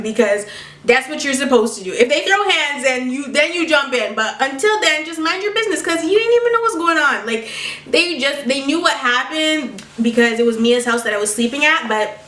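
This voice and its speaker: A woman's voice: on the high side, pushed and bright, distant mic. A young woman vlogger telling a story with sass, profanity and laughter, recorded at home. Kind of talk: storytime vlog. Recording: echoey room, mic set back.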